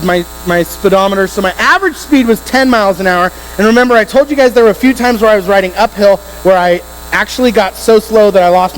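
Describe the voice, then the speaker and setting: High-voiced emphatic youth preacher. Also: male voice. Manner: animated, emphatic, addresses teens directly. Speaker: youth ministry speaker. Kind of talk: storytelling youth sermon. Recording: hall reverb with faint electrical hum.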